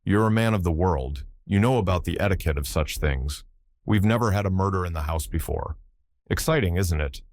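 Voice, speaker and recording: A male narrator voicing a brisk, blunt young aristocratic woman who talks in a breezy, offhand way. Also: deep voice, darkish tone.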